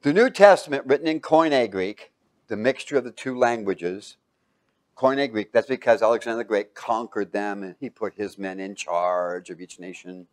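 A man's voice: lowish voice, normal speed. A man teaching a Bible class, quizzing his students with fill-in questions and breaking into sudden exclamations.

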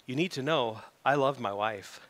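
A middle-aged man preaching a sermon as pastor, animated and building to loud emphatic peaks. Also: medium pitch, normal speed. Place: church sanctuary. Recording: reverberant church hall.

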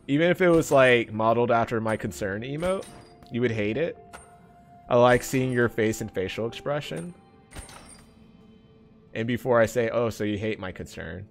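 A man streaming a game live, bantering with his chat, laughing often and getting loud and defensive when teased. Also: medium pitch, gravelly.

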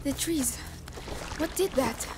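A woman's voice: high-pitched, lively intonation, takes it slowly, noisy background. An actress playing a determined young noble girl, calling out anxiously. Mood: worried.

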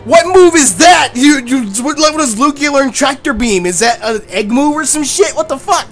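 A young adult host narrating a let's play, loud and hyped, swearing often over the game. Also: high voice, lively intonation, normal speed. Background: faint game music.

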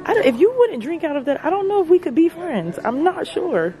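A woman's voice: very high voice, brisk, faint music behind. A woman vlogging as she browses a large store, gushing over products and talking to her viewers. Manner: gushing, excitable, addresses viewers as y'all. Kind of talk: shopping vlog narration.

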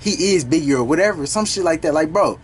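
A young man hosting a reaction video, talking casually and profanely as he pauses a song to break down its lyrics. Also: a little high, slight background noise. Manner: animated, profane, slangy, stops the song to explain lyrics.

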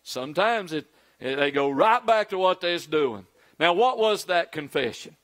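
A man's voice: a little high, expressive, moderate pace, fairly bright tone. A middle-aged man preaching a sermon as pastor, acting out quoted pleas in a raised, pleading voice.

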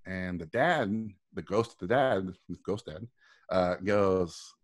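A man with a somewhat low voice tells a story as a guest speaker. He delivers it with animated energy, slipping into the voices of his characters as he goes. He is heard over a video call. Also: a little slow. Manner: animated storyteller acting out quoted lines. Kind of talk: storytelling talk.

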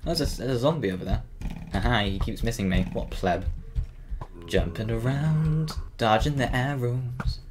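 A man's voice: medium pitch, normal speed, noisy background. A teenage boy from Cornwall giving casual, flustered gameplay commentary, swearing often and yelping when scared. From Cornwall, England. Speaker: gaming channel host.

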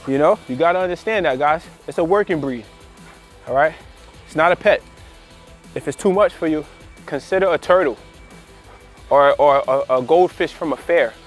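A man working as a dog trainer, talking casually to the camera while training his dog, repeating phrases and tagging on "all right" and "you know" as he goes. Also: fairly high pitch. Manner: gives short commands to his dog. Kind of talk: casual instructional talk to camera.

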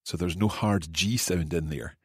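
A Scottish man hosting a podcast language lesson, repeating phrases slowly and carefully and laughing easily. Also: sits low, a bit bright, husky, no echo, clean studio sound. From Scotland. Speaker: podcast host and language learner.

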